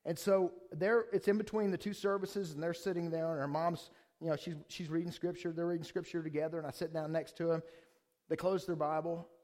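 A pastor giving a conversational sermon, eager and excited, often restarting his sentences and asking the room rhetorical questions. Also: a little high, fairly quick.

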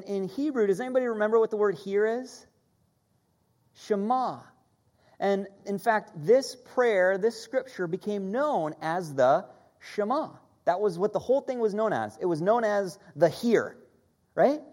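A woman delivers a sermon at a mid-range pitch that rises and falls. Her teaching is animated, and she leans hard on key words. She stops to have her listeners say words back with her. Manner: animated teaching, leads the audience in call-and-repeat. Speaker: preacher.

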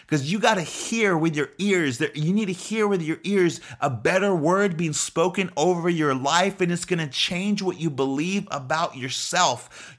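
A male preacher delivers an emphatic, urgent sermon, circling back and repeating himself as he presses each point. His voice sits somewhat high for a man. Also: fairly bright tone. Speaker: pastor.

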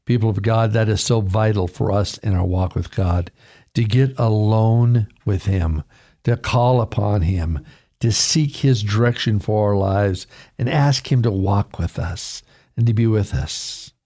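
A male pastor giving a radio devotional sermon, retelling a scripture story with expressive preaching and dramatic swings in his voice. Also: fairly low pitch, unhurried.

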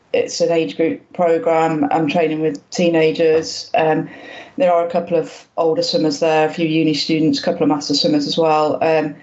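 A woman's voice: deep voice, a little mellow. Hesitant woman in her fifties, slightly muffled. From Wales. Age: 50s. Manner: hesitant, lots of ums and restarts, self-deprecating. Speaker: guest, masters swimmer. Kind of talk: casual interview chat.

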